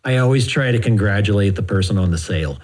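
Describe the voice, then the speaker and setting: A man co-hosting a podcast, chatting casually and telling lively, blunt anecdotes about his work. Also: on the low side, fast. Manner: self-described reactive, blunt. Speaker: podcast co-host. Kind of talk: casual chat.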